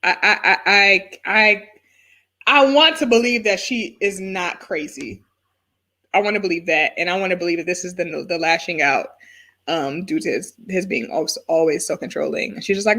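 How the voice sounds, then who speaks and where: A woman hosting a casual live review chat, excitable and quick to laugh. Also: on the low side. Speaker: host of a reality TV review show.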